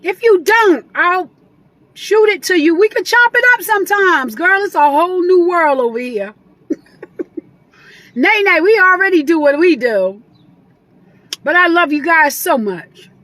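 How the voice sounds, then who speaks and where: A woman's voice: extremely high pitch, lively intonation, measured pace, no echo. A middle-aged woman talking casually and sentimentally as a guest on a live video chat. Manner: warm, chatty, sentimental.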